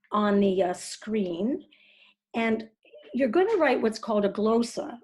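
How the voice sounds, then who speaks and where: A woman's voice: a little high, animated, measured pace, darkish tone, breathy edge. A woman teaching a writing class over a video call, chatty and encouraging, rambling a little as she talks. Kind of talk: casual online writing class.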